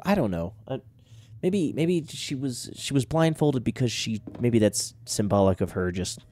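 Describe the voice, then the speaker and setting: A man's voice: lowish voice, dark tone. Congested man rambling over a game. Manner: rambling, chatty, talks to the game. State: stuffed up with a cold. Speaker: gaming video host. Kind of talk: casual let's-play commentary.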